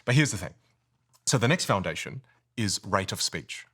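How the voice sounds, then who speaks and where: A man coaching speaking skills in a podcast studio, animated and melodic, swooping between high and low. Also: normal speed, husky. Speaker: communication coach.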